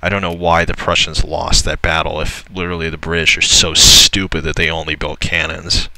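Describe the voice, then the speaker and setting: A young man casually commentating a strategy game, excitable and swearing, often laughing in disbelief. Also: a bass voice, brisk, gravelly, no room sound, rough recording. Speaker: gameplay commentator. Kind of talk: casual let's-play commentary.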